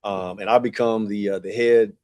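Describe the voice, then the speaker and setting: A man's voice: lowish voice, steady tone, moderate pace, darkish tone. A man in his forties, a podcast guest, telling a long personal story in a casual, rambling way with many fillers and acted-out dialogue. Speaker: podcast guest, track and field director.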